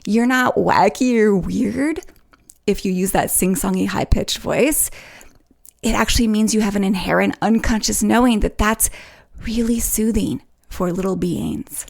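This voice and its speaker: A woman hosting a solo podcast, talking in a melodic, playful way that swoops up in pitch to make her points. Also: unhurried, vocal fry. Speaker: podcast host.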